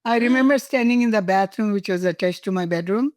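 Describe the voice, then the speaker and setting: A woman's voice: medium pitch, fast, no room sound, studio quality. An older woman from India, a guest telling personal stories in an interview, laughing and emotional at times. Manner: warm, laughing, emotional storytelling.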